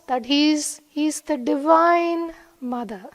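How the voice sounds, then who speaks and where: A woman giving an earnest devotional talk, telling a personal story in a soft-spoken way. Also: high-pitched, takes it slowly. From USA. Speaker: devotional speaker. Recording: long hall reverb.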